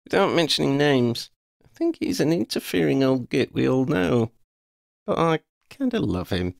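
A woman's voice: extremely low pitch, sing-song, normal speed, vocal fry, a little mellow, dry recording, studio quality, pitched above the performer's own voice, full character voice. A man voicing a confident, playful young witch who leads her friends with wry teasing.

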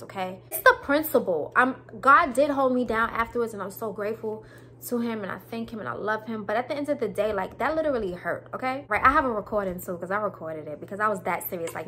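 Bright-voiced woman telling an emphatic story. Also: mid-range voice, expressive, fast, a little hiss or hum. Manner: emphatic, preachy, repeats herself. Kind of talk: storytime vlog, casual chat.

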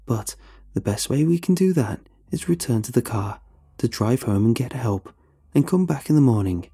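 A man's voice: medium pitch, animated, normal speed, warm tone, breathy edge, voice pushed up. A man doing a terrified young man, tense. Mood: tense careful. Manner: speaking through gritted teeth. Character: frightened young man, tense, urging calm.

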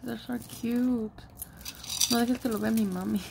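A woman's voice: fairly high pitch, fairly even intonation, a little slow, creaky, noisy background. A woman vlogger in casual show-and-tell commentary, chatting and murmuring remarks about each item at home, with Spanish asides now and then. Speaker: jewelry vlogger.

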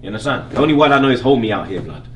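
This is a young man with a London accent, bantering about slang with lively ups and downs in his voice. He sounds a bit distant from the mic, in a room with some echo. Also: mid-range voice, racing, dull audio, slight background noise. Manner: animated, laughing, street slang. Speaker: host.

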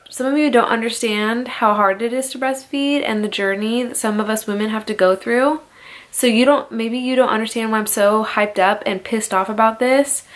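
Speaking straight into her camera at home, a young woman vlogs a heated, profane rant. Her voice sits in the mid range with a fairly bright tone, and she leans heavily on "like" as a filler while she swears.

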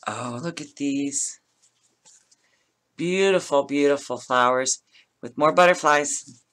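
A woman's voice: deep voice, slow, a bit bright. A middle-aged woman chatting casually as she opens craft mail at home, gushing and laughing often. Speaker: craft vlogger opening mail. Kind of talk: casual unboxing chat.

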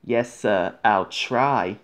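A man voicing an eager young male steam engine, who speaks brightly. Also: fairly low pitch, very slow.

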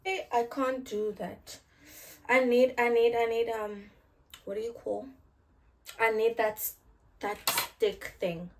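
A young South African woman chatting casually through a hair tutorial, playful and given to loud outbursts. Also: a little high, fairly even intonation, takes it slowly, pauses often, a little hiss or hum. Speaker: hair vlogger.

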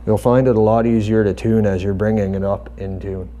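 A man with a low, mellow voice walks through a bass guitar setup. He is calm and methodical and explains each step plainly as he works. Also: brisk. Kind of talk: hands-on tutorial explanation.

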